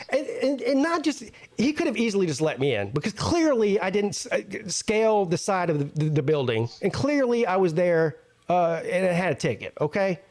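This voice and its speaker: Brisk and high-voiced, the man hosting this talk show recounts a casual story with lively profanity, performing both sides of a quarrel himself.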